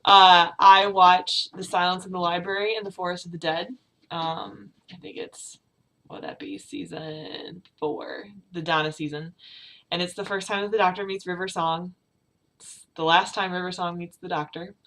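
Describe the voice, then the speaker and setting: A young woman speaks to her camera in a personal confessional vlog, her voice sitting a little low for a woman. She is close to tears and talks haltingly, stopping and restarting with many fillers. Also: a bit bright. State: tearful, on the verge of crying. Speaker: vlogger.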